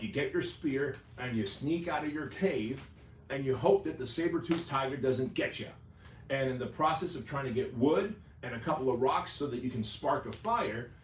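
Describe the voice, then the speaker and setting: A man's voice: mid-range voice, recorded from a distance. Emphatic man giving a motivational talk. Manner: emphatic, punchy, repeats in lists. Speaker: motivational speaker. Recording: roomy echo, faint noise.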